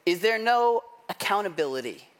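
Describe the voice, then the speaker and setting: At a normal speed, a man with a high-pitched voice preaches a sermon as pastor. He tells his stories in a lively, conversational style, poking fun at himself and saying "like" and "right?" often.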